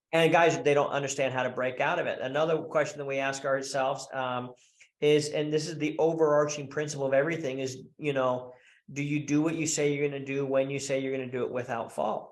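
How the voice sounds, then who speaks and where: A man's voice: medium pitch, fairly quick, roomy sound. A man as a podcast guest, talking bluntly and profanely as a coach for married men, slipping into quoted voices as he tells stories. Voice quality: profane, blunt, animated storytelling. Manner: acts out quoted voices mid-sentence. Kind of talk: podcast interview.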